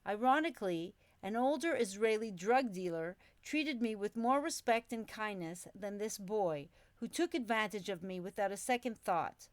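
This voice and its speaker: A woman reads her own memoir aloud in a reflective, storytelling way, with a steady, middling pitch. The recording is dry and close, with no room around her voice. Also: moderate pace, hardly any pauses, dry recording. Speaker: memoir narrator. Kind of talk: audiobook memoir narration.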